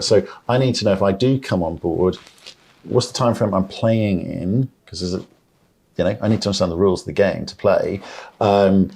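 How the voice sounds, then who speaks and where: A low-pitched male interviewer presses a company executive with blunt questions, cutting in and asking for straight answers. His talk is quick to interrupt and casual. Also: gravelly, darkish tone. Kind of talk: investor interview.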